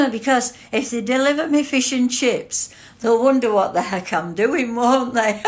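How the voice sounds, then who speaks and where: An older woman chatting casually on a livestream, reading out chat comments and laughing constantly. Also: a little high. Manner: giggly, breaks into frequent laughter.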